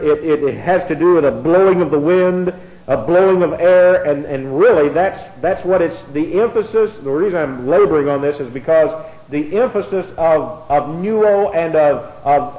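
Male bible teacher, fairly high voice, spells words out and repeats himself; echoey, dull lo-fi classroom recording.

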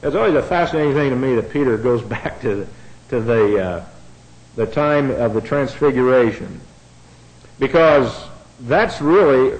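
A middle-aged man preaching a sermon, folksy and sarcastic, swinging between quiet asides and loud outbursts. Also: medium pitch, rough recording.

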